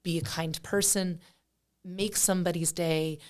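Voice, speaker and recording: Brief: woman from Pennsylvania, guest musician, low-ish voice, animated chatty storytelling. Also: unhurried. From Pennsylvania, USA. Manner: animated, chatty, many fillers. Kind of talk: casual interview storytelling.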